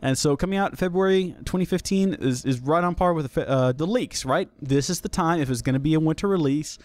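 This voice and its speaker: A man's voice: a little high, a little fast, no room sound. Chatty young man hosting a podcast. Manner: chatty, jokey, self-deprecating, with many restarts. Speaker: podcast host. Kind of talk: casual solo podcast talk.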